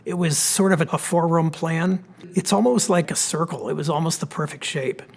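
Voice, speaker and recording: A man with a Pennsylvania accent, an architect giving a relaxed, explanatory slide lecture with plenty of fillers. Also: a little high, normal speed, vocal fry. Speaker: architect giving a history talk. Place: church hall.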